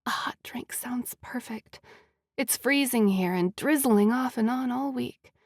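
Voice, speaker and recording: A woman voicing a guarded young woman in love, speaking in a hushed, playful way. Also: fairly high pitch, measured pace, no room sound, clean studio sound.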